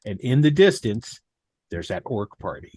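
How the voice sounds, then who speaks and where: A man co-hosting a casual chat about tabletop games, who builds a scene step by step with dramatic pauses. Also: lowish voice, big pitch swings, darkish tone, husky. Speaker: podcast co-host.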